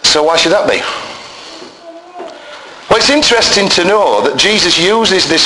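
Male preacher, hoarse, lively and bright delivery, roomy hall echo, emphatic sermon style. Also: high voice, a little slow, long pauses. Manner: animated, emphatic, rising to near shouts. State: hoarse voice, bad chest. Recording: roomy echo, faint noise.

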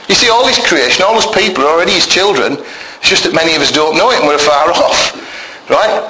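A male preacher gives a sermon with a fairly high, bright and forceful voice. He talks in an emphatic, conversational way and keeps asking the congregation questions. The recording is roomy and echoey, with faint church ambience. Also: a little hiss or hum.

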